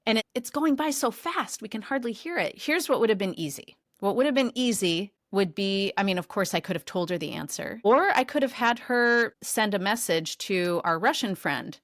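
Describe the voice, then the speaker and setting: Animated woman telling a story, dry close sound. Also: mid-range voice, moderate pace, few pauses, no room sound. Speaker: podcast co-host. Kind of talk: conversational storytelling.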